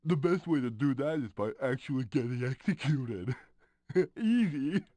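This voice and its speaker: A breezy, matter-of-fact video game character, whose voice bounces up and down in pitch. He talks about dark things as if they were nothing. The sound is dry and close. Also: lively intonation, a little slow, dry recording. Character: jaunty man explaining how to reach hell. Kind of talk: dubbed video game dialogue.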